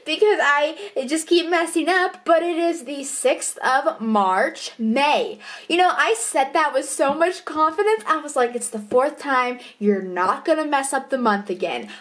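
A woman talking in a casual vlog diary at home, chatty, bubbly and quick to correct herself. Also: high-pitched, lively intonation, fairly bright tone. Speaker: vlogger and co-writer of a book.

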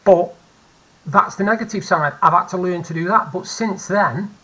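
A man's voice: high voice, normal speed, pushed and bright, husky, rough recording. A man in his forties with a British accent, telling a candid personal story at home in a chatty vlog, repeating phrases for emphasis. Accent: British English. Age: 40s. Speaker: vlogger. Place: at home, seated.

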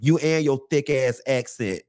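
A man's voice: mid-range voice, measured pace, a little mellow. A man speaking with an African American Vernacular English accent, ranting on a live stream in a sassy, profane, unfiltered way, a little tipsy and repeating lines for emphasis. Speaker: host of a live commentary stream. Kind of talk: unfiltered casual rant.

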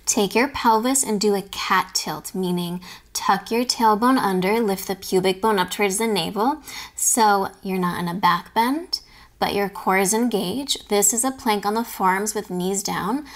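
A young adult woman teaching a yoga class, giving calm step-by-step cues and whispering some words. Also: mid-range voice, measured pace. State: slightly out of breath. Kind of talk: guided yoga class instruction.

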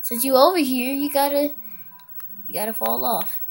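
A woman's voice: high-pitched, normal speed, creaky, faint music behind. A woman giving casual, giggly gameplay commentary while chatting to the animals in her game.

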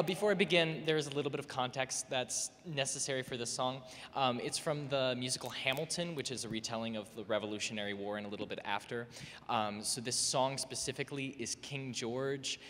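A man's voice: mid-range voice, fairly quick, fairly bright tone, a little hiss or hum. A young man, a student singer, casually introducing his song to an audience, chatty and joking with many fillers. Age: young adult. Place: recital hall. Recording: echoey hall with music.

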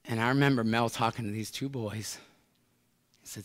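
American preacher guy telling a story from the pulpit, drops quiet then gets loud, echoey sanctuary. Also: mid-range voice, moderate pace. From United States. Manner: storytelling, lively swings from hushed to loud. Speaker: pastor. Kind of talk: sermon. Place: large church sanctuary. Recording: long church hall reverb.

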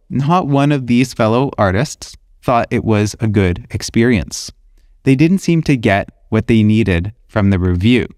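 A man of middle pitch talks alone into a close mic in a dry room with no echo. He sounds thoughtful and measured, like an illustrator hosting his own podcast and reflecting on his work. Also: darkish tone. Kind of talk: reflective solo podcast talk.

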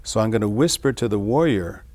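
A man discussing his own song lyrics in an interview, reading lines and then explaining them in a musing, halting way. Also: on the low side, lively intonation, a little mellow. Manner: halting, many restarts. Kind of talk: reflective interview talk.

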